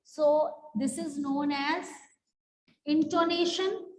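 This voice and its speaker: Woman teacher, high voice, unhurried explanatory delivery, echoey hall-like sound. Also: steady tone. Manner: slow, explanatory, drawn-out words. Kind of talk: online class teaching.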